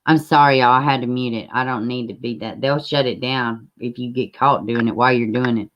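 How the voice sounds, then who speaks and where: A woman's voice: extremely low pitch, steady tone, a little fast, dull audio, a little hiss or hum. A woman hosting a casual livestream, chatting to viewers, swearing casually and laughing often. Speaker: livestream host. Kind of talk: casual livestream reaction commentary.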